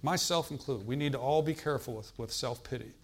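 A man's voice: medium pitch, fast talker, husky. A man preaching a sermon in a conversational way. He asks the congregation questions and adds emphatic exclamations.

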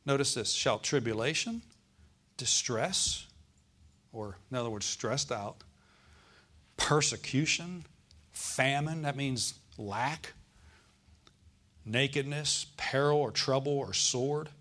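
A man preaching a sermon as pastor, calling out to the congregation and slowing down to stress scripture verses. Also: medium pitch, bright, forceful tone. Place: church.

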